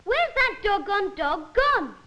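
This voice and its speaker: A woman's voice: extremely high pitch, big pitch swings, slow pace, exaggerated voice. A woman playing a fond, harried young master who chases his runaway dog through a stage musical. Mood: calling. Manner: calling out, sing-song. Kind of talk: musical singing and speech. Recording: dull sound, long reverb, music behind.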